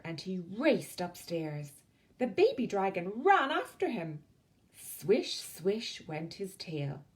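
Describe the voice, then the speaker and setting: Irish woman, storytime reader, slow, very lively pitch, soft tag lines. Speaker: librarian storyteller. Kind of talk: reading a picture book aloud to children.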